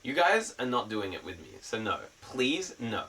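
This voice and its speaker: A man's voice: medium pitch, big pitch swings, normal speed, sharp tone, breathy edge, recorded from a distance, poor audio. A young man streaming a casual chat, rambling with lots of fillers and freely swearing.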